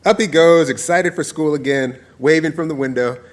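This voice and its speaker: A man in his forties reads his own essay aloud, telling it playfully and warmly. He slips into laughter easily, and his voice sits a touch higher than most men's. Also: normal speed. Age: 40s. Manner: warm, playful storytelling, breaking into laughter. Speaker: author.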